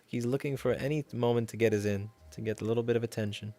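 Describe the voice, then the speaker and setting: A man's voice: medium pitch, steady tone, fast, hardly any pauses, dark tone, faint music behind. A man chatting casually on a livestream in a rambling way, reading chat and cooing at his cat.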